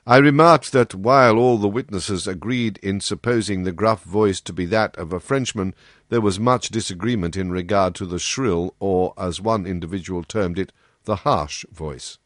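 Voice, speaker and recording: A man narrating a story in a slow, deliberate reading style. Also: sits low, a bit bright, no echo, clean studio sound. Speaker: audiobook narrator. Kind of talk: scripted narration.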